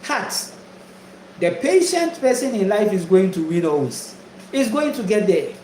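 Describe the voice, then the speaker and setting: A man's voice: sits high, big pitch swings, unhurried, a little mellow, echoey room, slight background noise, poor audio. A man from Ghana preaching a spiritual monologue, emphatic and repetitive, full of rhetorical questions. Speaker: spiritual teacher.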